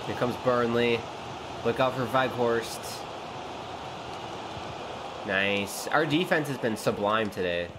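A man hosting a gaming channel, commentating his own match with excitable outbursts at big moments. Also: mid-range voice, slow pace, long pauses. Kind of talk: live gameplay commentary. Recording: noisy background hum.

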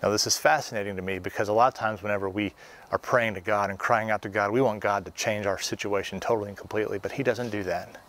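A man, an associate pastor, giving a devotional sermon in an earnest, encouraging way, with filler pauses between thoughts. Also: lowish voice, steady tone, fairly bright tone.

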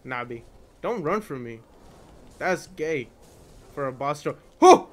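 A young man streaming a video game, shouting and yelping excitably at enemies with lots of swearing. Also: a little high, takes it slowly, a little hiss or hum. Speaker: gaming streamer. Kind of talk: live game-stream commentary.

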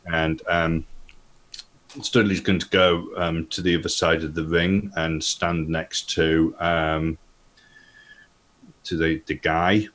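A man's voice: deep voice, level tone, slow, long pauses, fairly bright tone. A man playing a tabletop game, describing his moves hesitantly with many fillers. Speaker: player.

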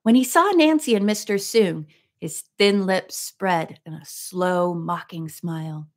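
A woman reading a mystery book aloud in a steady narrating voice, now and then breaking off for soft, chatty asides. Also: lowish voice, measured pace.

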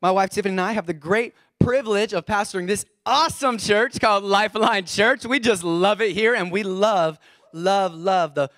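High-voiced, fired-up male pastor. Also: normal speed, fairly bright tone, no room sound, clean studio sound. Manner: fired-up, calls out to the congregation. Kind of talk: energetic sermon.

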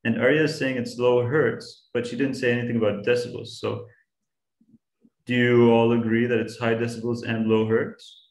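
A man's voice: medium pitch, flat delivery, normal speed, darkish tone, reverberant. A man giving an online science class to young students, patient and encouraging, asking them questions as he explains. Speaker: science guest speaker teaching kids.

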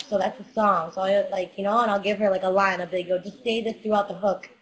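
A woman's voice: medium pitch, steady tone, racing, hardly any pauses, poor audio. A young woman rapper chatting casually with fans on a livestream, hyped and profane, giving motivational talk into a webcam mic.

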